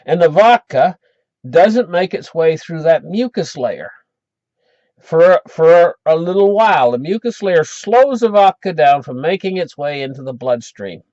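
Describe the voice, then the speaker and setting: A man's voice: a little high, darkish tone, no echo, highs cut off. A man giving emphatic financial commentary, explaining with a story and frequent restarts. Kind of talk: animated commentary.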